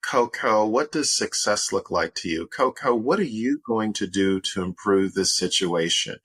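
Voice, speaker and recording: A man who is a motivational speaker and author, a guest giving coaching advice in an upbeat, instructive way and laying it out in clear steps. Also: fairly low pitch, measured pace, fairly bright tone, no room sound.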